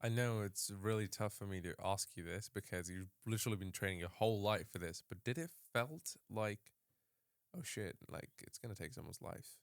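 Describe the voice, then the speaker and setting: A man hosting a podcast, asking his guest questions in a measured, careful way. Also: on the low side, smooth, no echo, studio quality. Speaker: podcast host. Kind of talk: interview questions.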